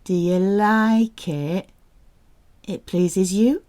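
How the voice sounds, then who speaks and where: A woman teaching French, reading phrases out slowly, repeating them and cheering the listener on. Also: mid-range voice, dark tone. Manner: slow, repeats phrases, encouraging. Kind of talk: audio language drill.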